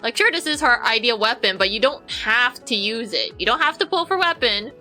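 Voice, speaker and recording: A woman's voice: on the high side, animated, a little fast, sharp tone, faint music behind, rough recording. A woman streamer giving casual gameplay commentary, rambling through explanations to her chat.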